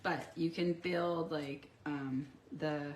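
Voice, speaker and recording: A woman's voice: deep voice, steady tone, takes it slowly, darkish tone. A sick, congested woman chatting casually and rambling with lots of ums as she demonstrates papercraft products on a live stream from her home craft desk.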